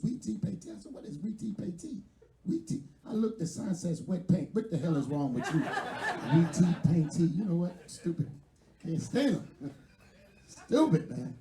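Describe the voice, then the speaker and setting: A man's voice: sits high, dark tone, echoey room, a little hiss or hum. A man from West Philadelphia with a Philadelphia accent, doing a brash, profane stand-up set with crowd work at a live venue. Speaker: stand-up comedian.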